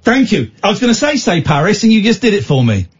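Teasing radio host, lively pitch. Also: male voice, fast talker, muffled recording, crowd noise. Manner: teasing, mock-exasperated, jokey. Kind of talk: casual radio banter.

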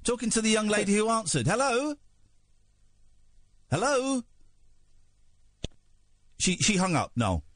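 Playful British radio host, lively voice. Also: male voice, sits high, quick pace, few pauses, dry recording, clean studio sound. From Britain. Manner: playful, mock-serious, teasing. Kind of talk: late-night radio banter. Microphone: studio microphone.

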